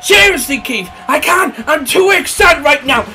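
A British man giving excitable, crude play-by-play of a mock wrestling battle, jumping between yelling and mumbling. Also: extremely high pitch, moderate pace, soft background music. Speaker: comic wrestling commentator. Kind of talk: over-the-top play-by-play commentary.

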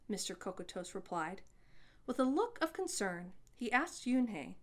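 A woman reading a children's story aloud as storyteller, with an expressive delivery. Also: mid-range voice, normal speed.

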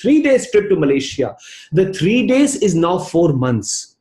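A man's voice: high-pitched, big pitch swings, measured pace, mellow, reverberant. A man with an Indian accent, a leadership trainer giving a motivational talk and acting out both sides of a conversation as he tells a story.

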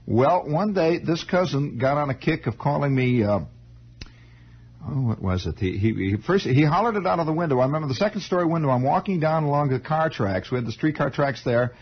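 A husky, somewhat high-voiced radio host speaks briskly in a muffled 1960s broadcast. His monologue wanders off on tangents, and he stays animated while stumbling into stammered restarts.

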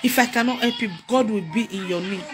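A woman's voice: on the high side, brisk. Crying Nigerian woman pleading over music. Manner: pleading, repetitive, emotional. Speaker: mother pleading for help. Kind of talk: tearful public appeal. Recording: loud music behind voice.

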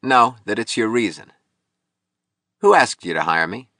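A man's voice: lowish voice, lively intonation, unhurried, bright, forceful tone, no echo, studio quality, pitched above the performer's own voice, heavily acted. A man reading an audiobook, voicing a bitter, broken young male sculptor who pleads and turns suspicious.

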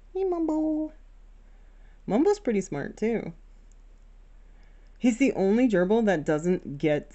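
A woman with a slightly low voice chats at home about her pets. She tells the story casually and rambles, fond and proud of them. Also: fairly bright tone. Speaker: vlogger. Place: home bedroom.

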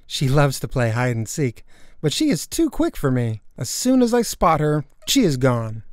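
A woman reading a children's picture book aloud with expressive storytelling. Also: rumbling low, moderate pace, no echo, clean studio sound.

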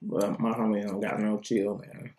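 A woman's voice: a bass voice, level tone, normal speed, mellow, echoey room. A woman reviewing cookies in a casual food vlog, chatty and rambling, thinking aloud between bites.

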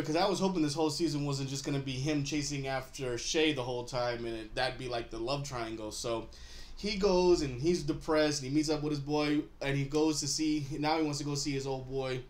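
A man recaps a TV episode in a loose, casual way, his voice sitting a little higher than most men's. He rambles through fillers and restarts at an easy pace. He chuckles often along the way. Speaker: show host.

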